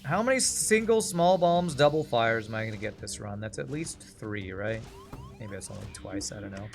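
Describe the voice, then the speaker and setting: A man's voice: fairly low pitch, lively intonation, moderate pace, music in the background. Chatty East Texas man streaming a game. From American South. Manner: chatty, rambling, reacts to the game as he talks. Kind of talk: casual gameplay commentary.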